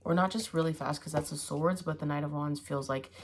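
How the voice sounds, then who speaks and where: Woman, low voice, casual tarot reading, hums and muses as she thinks, faint hiss behind. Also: steady tone, fairly quick. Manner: musing aloud, thinking in hums and fillers. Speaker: tarot reader.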